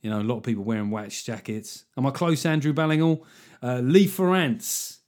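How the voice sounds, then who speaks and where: A man's voice: mid-range voice, fairly quick, darkish tone. Male comedy podcast host, dry sarcastic riffs, plenty of swearing. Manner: sweary, sardonic riffing with mock voices. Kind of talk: solo comedic podcast monologue.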